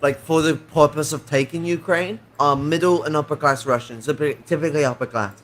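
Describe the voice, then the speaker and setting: A man hosting a casual political voice-call stream, talking in an animated, swearing, lecturing way. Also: fairly high pitch, a little fast, slight background noise. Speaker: stream host.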